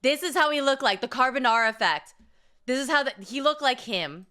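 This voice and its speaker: A young woman chats to her viewers in a loose, profane storytelling way. Her voice is bright and sits a little high, and she laughs easily while acting out what people said. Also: fairly quick. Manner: profane, animated, laughs often, acts out quotes. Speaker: vlogger. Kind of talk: casual storytelling chat.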